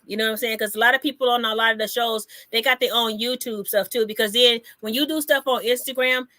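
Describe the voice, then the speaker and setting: A woman's voice: a little high, sharp tone, dry recording, studio quality. A woman comedian hosting a casual live chat, brassy and teasing, repeating herself for emphasis.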